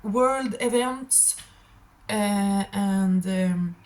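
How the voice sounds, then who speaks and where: A woman with a hoarse, tired throat giving a rambling, emphatic tarot reading to camera, repeating affirmations. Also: mid-range voice, drawn-out words, darkish tone, rough recording. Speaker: tarot reader.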